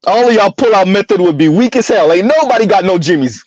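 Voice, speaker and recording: A man's voice: high-pitched, very animated, normal speed, a little mellow. A man hosting a casual livestream, chatting with viewers, laughing often and stumbling over repeated words. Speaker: livestream host. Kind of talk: casual livestream commentary reading chat. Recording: dull lo-fi dry sound.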